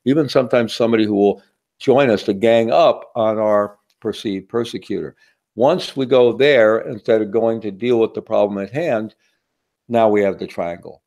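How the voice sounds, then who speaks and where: A man with a low, gravelly, dark voice delivers a teaching talk in a relaxed, conversational way. He keeps turning to the audience with a quick "right?" before moving on. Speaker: workshop speaker.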